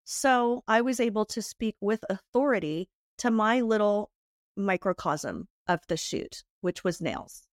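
A middle-aged woman from the United States, a guest in an interview who candidly tells lively, animated stories and laughs often. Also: mid-range voice, measured pace, no echo, studio quality. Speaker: guest, beauty entrepreneur. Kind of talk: candid storytelling in a podcast interview.

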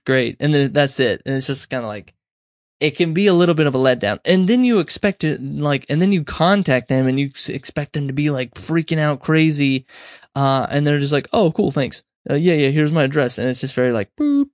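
A man's voice: on the high side, fairly quick, dry recording, studio quality. A young man hosting a podcast, giving casual advice in a rambling, self-correcting way and acting out little quoted exchanges. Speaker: podcast host. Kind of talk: casual solo advice talk.

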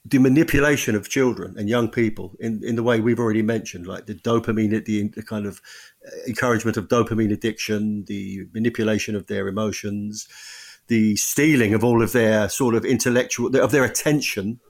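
A man's voice: lowish voice, steady tone. A male author, speaking as a guest in an interview, thinking aloud with frequent restarts and self-corrections. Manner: thoughtful, halting, frequent restarts. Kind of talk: podcast interview.

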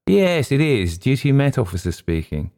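A man voicing a brisk, matter-of-fact male duty meteorologist in an audiobook. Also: medium pitch, very animated, darkish tone, pitched above the performer's own voice. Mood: curt. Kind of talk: audiobook character voice.

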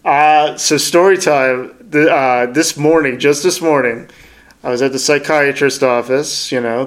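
A man's voice: medium pitch, fairly bright tone. A man co-hosting a podcast in casual chat, rambling through anecdotes and laughing often. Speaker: podcast co-host.

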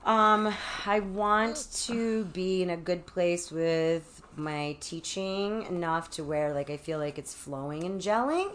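A woman's voice: lowish voice, takes it slowly, few pauses, fairly bright tone, a little hiss or hum. A woman guest in a candid interview, speaking frankly and filling her talk with "like". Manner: frank, heavy use of "like", acts out quoted voices. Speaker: podcast guest, author.

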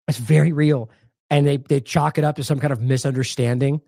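A man's voice: medium pitch, fairly even intonation, brisk, gravelly, warm tone, no room sound, studio quality. A man hosting an independent news show, delivering indignant, sarcastic commentary with heavy emphasis.

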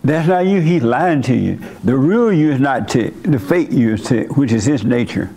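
Animated and warm with a breathy edge, this older man's medium-pitched voice keeps a moderate pace. Hosting a church meeting as its leader, he counsels a member with blunt, folksy spiritual wisdom, chuckling at times.

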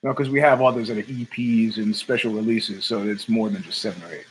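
A man's voice: lowish voice, fairly even intonation, fairly quick, slight background noise, poor audio. A man hosting his own show from home, ranting in a profane, sardonic and digressive way. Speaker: podcast host. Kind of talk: ranting solo commentary.

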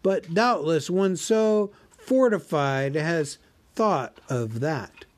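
A man voicing a small timid male hobbit who speaks in a frightened, hesitant squeak. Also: slow, a little mellow, close to an everyday voice.

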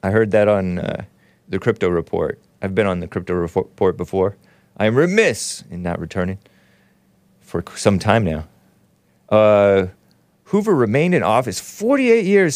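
Lively, sarcastic male talk show host. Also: medium pitch, no room sound. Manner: rambling, sarcastic, reads aloud and jokes with chat. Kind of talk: casual live-stream commentary.

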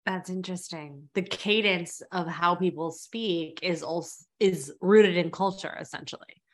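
A woman's voice: fairly low pitch, a little slow. Curious woman hosting an interview. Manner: curious, reflective questions. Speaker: podcast host. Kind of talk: interview conversation.

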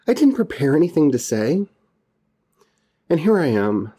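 A man with a warm, mellow voice talks through a solo podcast. He speaks earnestly and with feeling, circling back to repeat his phrases and restarting as he goes. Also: mid-range voice, expressive, moderate pace. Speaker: podcast host. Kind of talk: heartfelt solo podcast monologue.

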